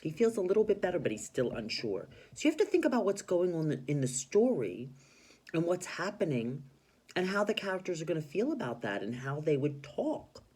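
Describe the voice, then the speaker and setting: A male teacher giving an expressive reading lesson to children, explaining how to voice story characters. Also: fairly high pitch, brisk, husky.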